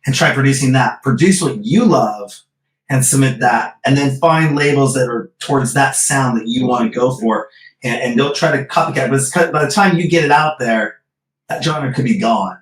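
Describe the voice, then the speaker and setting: A man hosting a casual interview, asking questions plainly and chatting back in a friendly, conversational way. His voice sits at an ordinary pitch. He is heard over a video call and sounds set back from the mic, with echo around him. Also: moderate pace. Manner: conversational, asks direct questions. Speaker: interview host. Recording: echoey and distant.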